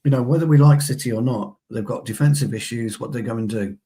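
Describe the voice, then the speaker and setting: A man's voice: mid-range voice, fast talker, mellow, slightly rough. A man co-hosting a casual football fan chat, bantering with his co-host. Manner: chatty, banter-filled, addresses co-host as pal.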